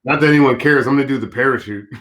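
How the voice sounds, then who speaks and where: A man of middle pitch talking in an easygoing, slangy manner during a casual group chat. He speaks as one of the regular hosts, relaxed and informal. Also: rapid-fire. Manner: laid-back, slangy, says bro and dude.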